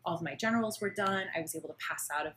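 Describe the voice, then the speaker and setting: A woman's voice: on the low side, rapid-fire, fairly bright tone, slight background noise. A young woman from Arizona talking about her singing studies in a casual interview, hesitant and full of fillers. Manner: hesitant, many fillers and restarts. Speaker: guest singer.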